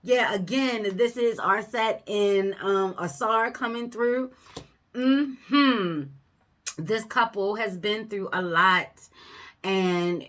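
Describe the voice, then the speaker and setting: A woman giving a casual tarot reading to her viewers, emphatic and animated, swearing freely, laughing often and calling them baby. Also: mid-range voice. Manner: addresses viewers as baby and y'all. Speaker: tarot reader.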